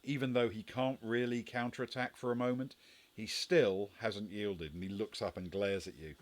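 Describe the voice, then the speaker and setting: Low-voiced guy game master, hesitant, lots of ums. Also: fairly even intonation, normal speed. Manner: hesitant, many fillers and restarts. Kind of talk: narrating a tabletop game.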